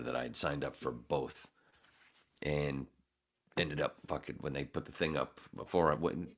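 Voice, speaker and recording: Very deep gravelly man, rambling. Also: fairly bright tone. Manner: rambling, profane, self-mocking storytelling with many restarts. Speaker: podcast host. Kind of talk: casual chat.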